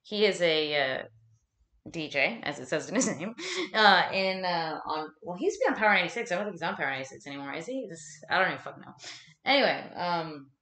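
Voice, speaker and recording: In a roomy, echoing space, a woman streams casual chat from home as she folds laundry. Her voice is medium-pitched, bright and forceful, and she chats along, swears freely and teases herself.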